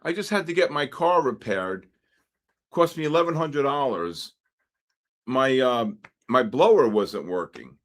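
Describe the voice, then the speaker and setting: A man's voice: medium pitch, a little slow. A man hosting a live trading stream, chatting in a rambling, wisecracking way and telling stories between market calls. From New York. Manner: rambling, wisecracking, animated storytelling with asides to chat. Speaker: trading livestream host. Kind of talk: casual chat while trading live.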